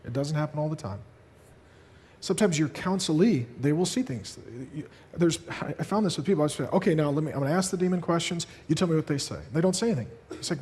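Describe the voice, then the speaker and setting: A man's voice: a little high, lively intonation, a little fast, a little mellow, in a large hall. A man preaching a sermon, telling stories and acting out quoted dialogue. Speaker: pastor. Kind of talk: sermon to a congregation.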